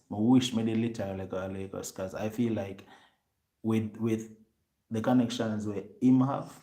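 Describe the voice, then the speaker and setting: A man with a Jamaican accent telling a story to his viewers in lively patois, acting out what other people said. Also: lowish voice. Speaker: vlogger.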